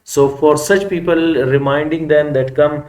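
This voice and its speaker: A man's voice: fairly high pitch, flat delivery, measured pace, darkish tone, rough recording. A man giving a grammar lecture, stressing each example sentence and often restarting words. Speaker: English grammar teacher.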